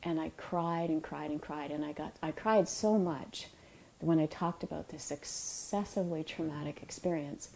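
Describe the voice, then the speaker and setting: A middle-aged woman, an author, giving a reflective talk about emotions in a soft, unhurried and tender way, with pauses. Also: low-pitched, creaky, rough recording. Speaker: author and yoga teacher.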